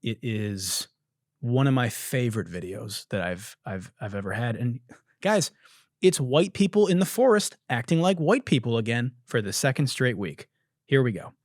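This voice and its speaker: A man's voice: medium pitch, lively intonation, normal speed, a little mellow, no echo, studio quality. A young man hosting a comedy podcast, riffing on viral videos in a casual, profane, laughing way. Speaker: podcast host.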